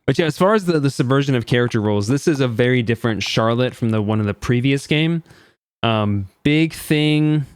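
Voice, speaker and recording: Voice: mid-range voice, animated, a little fast, smooth, no room sound. Offhand streamer musing over a game. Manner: offhand, rambling asides. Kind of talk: casual gameplay commentary.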